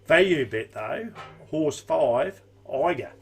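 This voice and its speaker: A man's voice: a little high, animated, slow. An Australian man giving horse racing tips and odds in an easygoing live-stream chat, full of casual slang. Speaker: racing tipster.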